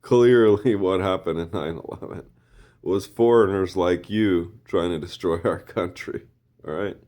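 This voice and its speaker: A man voicing a loud, mocking American man who lectures foreigners. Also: sits low, measured pace, pitched above the performer's own voice. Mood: blustering.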